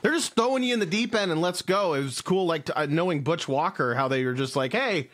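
A man's voice: on the high side, a bit bright, slight background noise. A man hosting an interview, asking long, chatty questions peppered with "like.". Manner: fast, chatty questions full of "like". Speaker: host. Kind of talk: casual interview.

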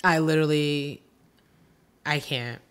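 A woman's voice: sits low, fairly even intonation, slow pace, slight background noise. A woman co-hosting a podcast in casual chat, weary and exasperated, who repeats herself. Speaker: podcast co-host.

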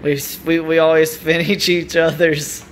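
Playful man, slightly high voice. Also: little pitch movement, normal speed, a bit bright, slight background noise. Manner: playful, joking. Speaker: vlog co-host. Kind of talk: casual vlog chat.

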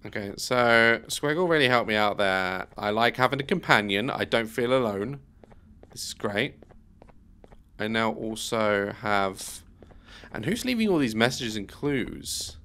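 A man's voice: fairly low pitch, lively intonation, a little slow, sharp tone, clean tone. Chatty man narrating a video game. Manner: chatty, amused and bemused, thinking aloud. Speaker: gaming YouTuber. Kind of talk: let's play commentary.

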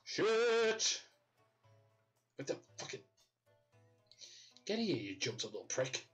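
A man's voice: mid-range voice, big pitch swings, normal speed, a bit bright, soft background music. A man with a Yorkshire accent giving casual, sweary commentary while livestreaming a video game, often laughing and talking to his chat. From Yorkshire, England.

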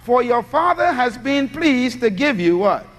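High-voiced preacher in a reverberant hall. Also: male voice, big pitch swings, measured pace. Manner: teaching with call-and-response questions. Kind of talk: sermon.

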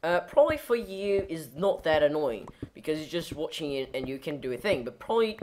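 Rambling low-voiced woman gaming. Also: very animated, fairly quick, darkish tone, slight background noise. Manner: rambling, goofy, self-correcting, lots of fillers. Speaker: gameplay commentator. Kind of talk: casual let's-play commentary.

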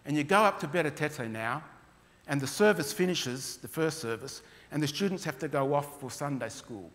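A man tells stories in an earnest, heartfelt way as he presents mission work to a church. His voice sits fairly high for a man. It rings out with the long reverb of a large hall. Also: expressive, moderate pace, fairly bright tone.

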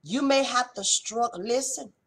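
Woman preacher, higher register, breathy edge; passionate devotional delivery, folksy and direct. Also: normal speed. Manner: passionate, swings between loud exhortation and hushed intensity; colloquial, uses folksy address.

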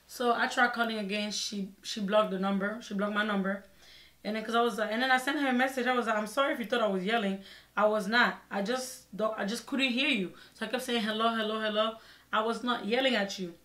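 Young woman telling a story in an echoey room. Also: on the high side. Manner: expressive, re-enacts her own side of the conversations. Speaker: vlogger. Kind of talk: storytime vlog.

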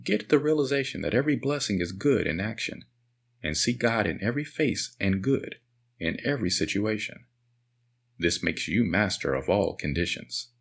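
A man narrating a spiritual self-help audiobook in an earnest, measured way. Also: on the low side, animated, vocal fry, breathy edge. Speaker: audiobook reader.

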